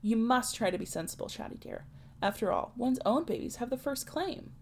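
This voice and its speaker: A woman's voice: fairly high pitch, expressive, brisk, a little mellow, a little hiss or hum. A woman reading a novel aloud, voicing a proper young married woman who coaxes and frets over her cousin. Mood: coaxing. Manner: fussy, coaxing, shocked.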